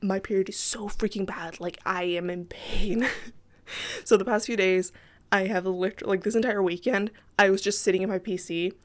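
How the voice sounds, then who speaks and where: A woman's voice: mid-range voice, fairly even intonation, moderate pace. A tired woman rambling in casual voice-over chat over a game build, apologetic and giggling often, talking from her PC at home. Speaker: Sims builder and YouTuber.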